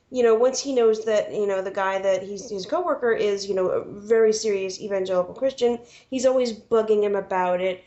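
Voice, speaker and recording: A woman co-hosting a podcast, chatting casually and critiquing a film with animated asides. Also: medium pitch. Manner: animated, critical, does quoted voices. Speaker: podcast co-host. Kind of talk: casual chat. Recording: lo-fi podcast recording.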